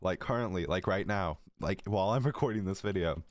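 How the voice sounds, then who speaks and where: Teen boy, deep low voice, giggly, rambling, profane asides, dry throat, casual storytime vlog, dry close sound. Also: a little fast, dry recording. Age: teens. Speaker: storytelling creator.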